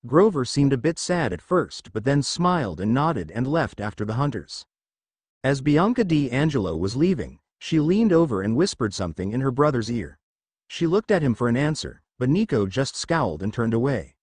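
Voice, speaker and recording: A man reading a first-person fan fiction story aloud in a casual, lively way. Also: medium pitch, normal speed, breathy edge, no echo. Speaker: narrator.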